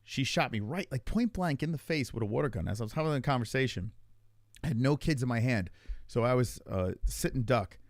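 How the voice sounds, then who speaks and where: A podcast host talks briskly in a medium-pitched voice, the studio recording free of any room sound. His storytelling chat is casual and rambling, animated and full of free swearing.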